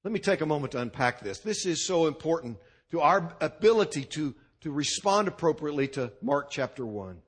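A man preaching a sermon, driving his points home with punchy repeated lists. His voice sits fairly high and moves in lively, wide swoops of pitch. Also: brisk, breathy edge. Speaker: pastor.

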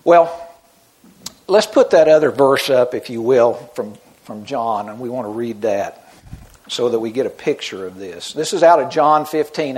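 A man's voice: mid-range voice, a little mellow. A middle-aged man preaching a sermon in an earnest, conversational way, often restarting his sentences. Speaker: pastor.

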